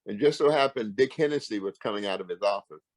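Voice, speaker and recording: An older man, a martial arts grand master, tells stories casually as an interview guest in a fairly low voice, speaking fast. The audio is poor but has no echo. He's animated, acting out quoted dialogue with frequent restarts.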